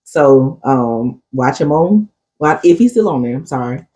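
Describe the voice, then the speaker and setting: A woman's voice: rumbling low, expressive, a little slow, warm tone. A woman co-hosting a casual chat podcast, telling stories playfully. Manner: playful storyteller, slips into quoted voices. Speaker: podcast co-host.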